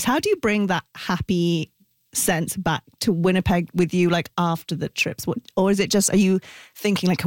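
A woman's voice: fairly low pitch, moderate pace, no room sound. A woman hosting a radio interview, friendly and encouraging, with frequent short affirmations. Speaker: radio host.

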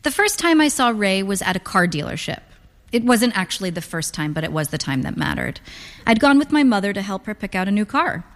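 A woman narrating first-person literary fiction in a dry, deadpan manner. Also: mid-range voice, fairly quick. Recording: long reverb.

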